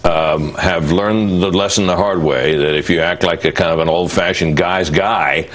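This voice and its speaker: A man with a very deep voice offering political commentary. He speaks in a measured way, pausing and searching for words as he goes. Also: fairly even intonation, faint music behind. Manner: measured, hesitant, with fillers. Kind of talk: deliberate commentary.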